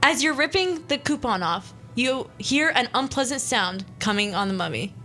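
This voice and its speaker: Bright-voiced young woman hosting. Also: a little high, animated, moderate pace, soft background music. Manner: chatty, self-interrupting, reads the story aloud. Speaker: radio show host. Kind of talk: casual chat, reading an interactive story.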